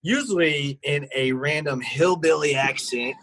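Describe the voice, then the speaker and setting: Man, 30s, podcast co-host, husky slightly higher voice, dry close sound, lively storyteller. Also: moderate pace, dry recording, low-quality recording. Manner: animated storyteller, acts out voices of staff and callers. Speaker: podcast co-host, restaurant manager. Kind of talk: casual chat.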